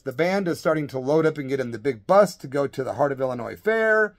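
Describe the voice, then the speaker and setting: A middle-aged man, a former rock musician, telling a rambling, animated story in a casual vlog. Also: medium pitch, fast talker.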